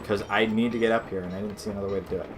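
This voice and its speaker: A man's voice: fairly low pitch, fairly even intonation, rapid-fire, noisy background. A man hosting a let's play, chatting casually and rambling with lots of fillers and swearing. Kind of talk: casual gameplay commentary.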